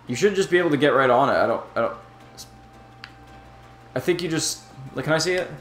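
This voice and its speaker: A man's voice: fairly high pitch, expressive, roomy sound, faint music behind. A man hosting a let's play, chatting casually and rambling between laughs. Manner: laid-back, rambling, quick to laugh. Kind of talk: casual gameplay chat.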